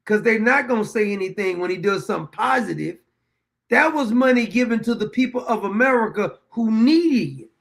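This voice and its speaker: Blunt, gravelly-voiced man ranting. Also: very high voice, fairly bright tone. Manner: blunt, preachy, rambling. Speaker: show host. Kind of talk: opinionated monologue.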